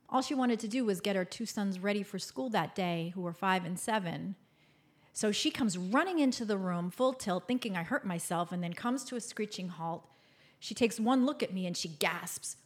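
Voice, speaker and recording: Podcast host, woman, 50s, expressive personal storyteller who moves between hushed and bright. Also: medium pitch, normal speed. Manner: expressive, swings from loud and bright to hushed and soft.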